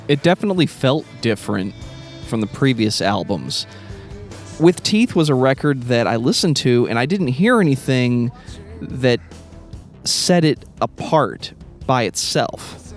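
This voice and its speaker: A man on a casual music podcast, speaking in a reflective, measured way. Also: medium pitch, sing-song.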